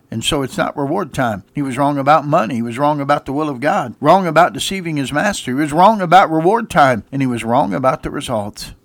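Emphatic preacher with a dry sound. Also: male voice, a little high, expressive, fairly quick, few pauses, no room sound. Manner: emphatic, repeated call-and-response questions. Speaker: pastor and radio host. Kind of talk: radio sermon. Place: church radio broadcast.

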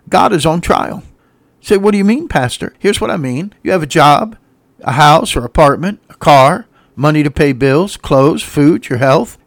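Emphatic preaching man, fairly high voice. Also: no echo. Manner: preaching with rising emphatic refrains, acting out quoted voices. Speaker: pastor. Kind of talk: sermon.

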